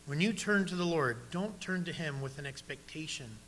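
Male pastor, sermon delivery, bright tense tone, slightly high. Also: lively intonation, moderate pace, a little hiss or hum. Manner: preaching, direct questions to the congregation.

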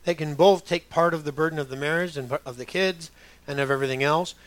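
A man's voice: on the high side, steady tone, quick pace, fairly bright tone. A middle-aged man preaching a sermon as a pastor, talking conversationally with joking asides and putting on other voices.

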